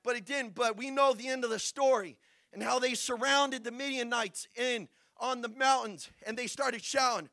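A young man preaching a sermon, telling Bible stories with acted-out voices and building to shouts. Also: very high-pitched, fairly even intonation, moderate pace, no echo. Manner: storytelling, acting out Bible figures, builds to shouting.

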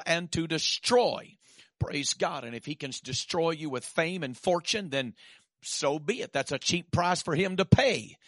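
A man preaching a sermon, halting with repeated restarts and then building to emphatic declarations. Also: a little high, fairly bright tone, no echo, clean studio sound.

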